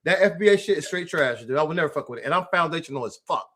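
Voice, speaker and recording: A man's voice: fairly high pitch, animated, very fast, fairly bright tone. An American man hosting a political livestream, delivering a heated, profane rant and calling out an absent rival by name. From United States. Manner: addresses an absent rival directly. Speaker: political commentary host.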